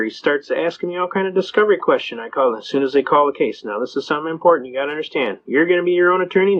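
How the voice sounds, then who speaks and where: A man giving a storytelling lecture on legal rights, talking fast. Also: fairly high pitch. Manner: fast-talking, says he talks fast. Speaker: speaker teaching legal rights. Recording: dull lo-fi recording.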